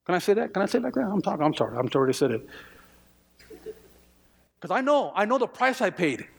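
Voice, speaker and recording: Pastor guy preaching, high voice, kinda husky, lots of repeats n restarts, big echoey church. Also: sing-song, fast talker. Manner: emphatic, repeats phrases, stammering restarts. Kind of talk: sermon. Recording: long hall reverb.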